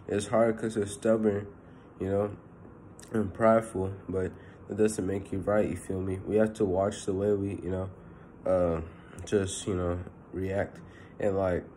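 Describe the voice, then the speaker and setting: Young man, deep voice, monotone, casual sermon, lots of "you know", faint background hiss. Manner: earnest and personal. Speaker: preacher.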